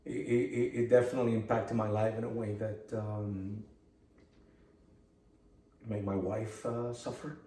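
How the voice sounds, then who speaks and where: A man co-hosting a podcast interview, talking in a halting way with many fillers and restarts. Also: on the low side, little pitch movement, dark tone. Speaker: podcast co-host. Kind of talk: emotional interview talk. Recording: roomy sound, distant mic.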